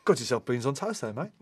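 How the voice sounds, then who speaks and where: A middle-aged man from England, blunt and sweary, telling stories in interview clips and acting out the people in them. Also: mid-range voice. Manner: blunt, sweary, acts out other people in anecdotes. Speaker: interviewee, musician. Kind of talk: anecdotal chat across interview clips.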